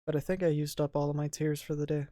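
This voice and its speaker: A voice actor voicing a lonely, hurt young woman who narrates her day softly in a visual novel dub. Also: medium pitch, little pitch movement, quick pace, no echo, lightly acted. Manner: soft, quiet, subdued narration.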